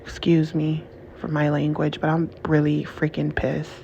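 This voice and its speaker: A woman speaks to her viewers in a heated, emotional monologue, repeating herself and breaking off mid-sentence. Her voice stays level and flat in tone. The recording is dull and lo-fi with a faint hiss behind it. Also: sits low, measured pace, gravelly. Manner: angry, repetitive, restarts often, curses. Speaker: channel host.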